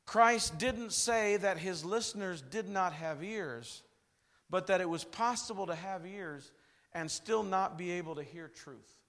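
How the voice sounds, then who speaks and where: A man preaching a revival sermon, telling stories dramatically and swinging from loud bursts to hushed lines. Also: high voice, a little slow.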